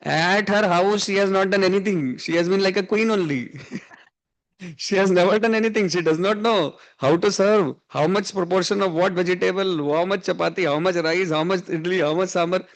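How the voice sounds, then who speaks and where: A male spiritual teacher with an Indian English accent tells a teaching story in a high, gravelly voice. He chuckles often and drops Hindi words into his English. The delivery is animated and conversational. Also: moderate pace. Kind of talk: storytelling sermon. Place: evening class.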